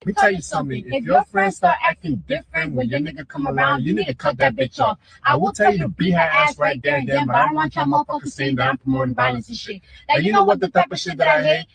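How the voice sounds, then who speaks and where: High-pitched gravelly man ranting brashly. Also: very animated, quick pace, low-quality recording. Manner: brash, loud, mocking. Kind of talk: profane comedic rant.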